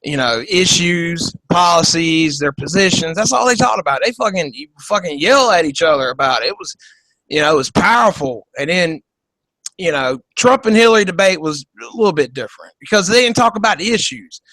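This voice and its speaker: A man's voice: a little high, animated, brisk, bright, forceful tone, dry recording, low-quality recording. A man hosting a podcast, giving casual political commentary in a profane, joking, rambling way over a video call. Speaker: podcast host.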